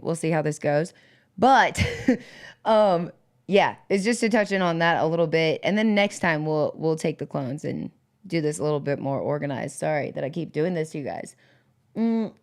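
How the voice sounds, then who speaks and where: A woman with a lower voice hosts a relaxed livestream, talking loosely and filling her sentences with fillers. She laughs easily and keeps greeting people in the chat by name. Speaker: livestream host.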